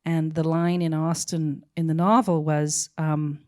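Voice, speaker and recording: Woman, middle-aged, fairly low pitch, halting speech, casual interview. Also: little pitch movement, a little mellow. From Canada. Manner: halting, full of restarts and laughs, musing. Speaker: film director, guest.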